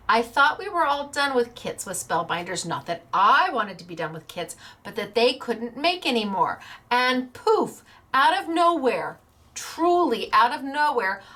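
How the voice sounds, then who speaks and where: A woman's voice: high-pitched, pushed and bright. A woman hosting a paper-crafting show, talking in a bubbly, chatty way, laughing often and acting out little quotes. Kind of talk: casual chatty livestream.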